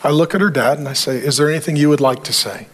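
A man's voice: a little high, quick pace, breathy edge. A middle-aged man preaching a sermon as pastor, emphatic, with punchy repetition and touches of humor.

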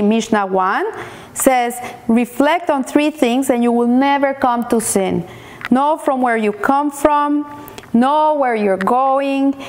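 Halting woman giving a weekly Torah talk. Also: a little high, darkish tone. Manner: halting restarts, repeats words while searching. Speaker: Torah teacher.

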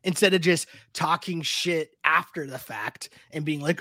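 A man's voice: a little high, measured pace, bright, forceful tone, dry recording, clean studio sound. A man co-hosting a casual recap podcast, ranting emphatically and fired up. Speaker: podcast co-host.

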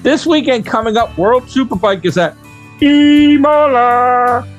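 A man's voice: extremely high pitch, expressive, a little fast, lo-fi sound, faint music behind. A man hosting a casual racing talk show, rambling with fillers and restarts and laughing often. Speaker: radio show host. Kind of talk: casual chat.

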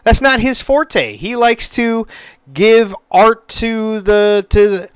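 A man talking on his own podcast in a loose, rambling way, restarting phrases and cursing often. His voice sits a touch high and sounds smooth and resonant. The sound is close and dry, with no room around it. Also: takes it slowly, no echo. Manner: rambling, repeats words, swears freely. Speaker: podcast host. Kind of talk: casual solo podcast chat.

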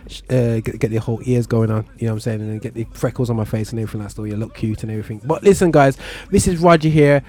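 Racing along with barely a pause, a London-accented radio host with a mid-range, darkish voice chats casually on his talk show. He uses slang and often trips over his words.

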